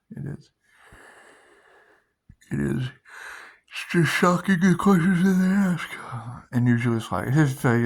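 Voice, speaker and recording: A man hosting a loose, repetitive spiritual monologue, laughing often and swearing, sometimes dropping to a hushed guiding tone. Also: mid-range voice, creaky. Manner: drops to a hushed guiding tone for meditation cues. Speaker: spiritual video host.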